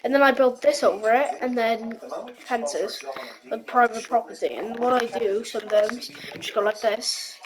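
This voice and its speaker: A woman giving casual, rambling gameplay commentary, excitable and giggly with many fillers. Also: on the high side, moderate pace, a crowd in the background, low-quality recording. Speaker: gameplay vlogger.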